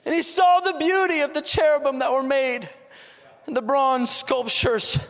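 A man's voice: very high voice, fairly even intonation, moderate pace, fairly bright tone, long reverb tail. A man preaching a fervent sermon as a pastor, building with repeated rhetorical questions.

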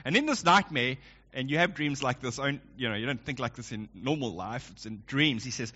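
A man's voice: medium pitch, brisk. A middle-aged man preaching a sermon as pastor, telling stories and acting out quotes as he goes. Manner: lively storytelling with acted quotes. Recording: lo-fi dull recording.

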